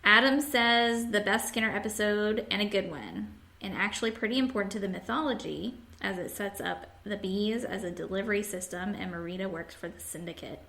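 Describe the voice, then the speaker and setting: A woman's voice: medium pitch, fairly quick, vocal fry, few pauses, bright, forceful tone. A woman hosting a podcast, casually chatting and reading listener comments aloud with frequent laughs. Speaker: podcast host.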